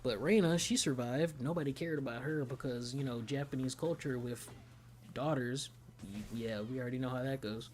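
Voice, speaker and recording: A man casually reacting to a game trailer, slangy and excitable, often breaking into laughter. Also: medium pitch, moderate pace. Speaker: gaming streamer reacting to a trailer.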